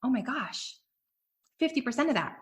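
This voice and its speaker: A woman hosting a business podcast, giving energetic, emphatic motivational talk straight to her listeners. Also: high-pitched, normal speed. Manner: energetic, emphatic, addresses listeners as "you guys". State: emotional, near tears. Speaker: podcast host and business coach.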